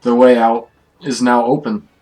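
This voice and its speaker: A man narrating as game master for an online tabletop game, stopping and restarting often before he settles into unhurried description. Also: mid-range voice, monotone, warm tone, soft background music, low-quality recording.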